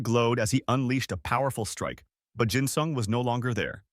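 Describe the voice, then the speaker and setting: A man narrating a comic story recap in brisk, scripted storytelling on a close mic. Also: mid-range voice, dry recording.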